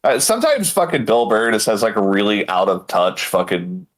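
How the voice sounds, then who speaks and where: A man's voice: lowish voice, huge pitch swings, normal speed. A young man co-hosting a podcast in crude, joking casual chat. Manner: crude, joking, goes into impressions. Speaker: podcast co-host.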